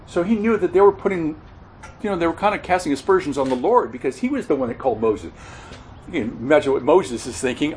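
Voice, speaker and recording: Earnest male preacher, halting and self-correcting, with a lively rising and falling voice. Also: a little high, a little hiss or hum, low-quality recording. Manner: halting, repeats words, corrects himself mid-sentence; earnest expository teaching, stresses key words. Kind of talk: sermon.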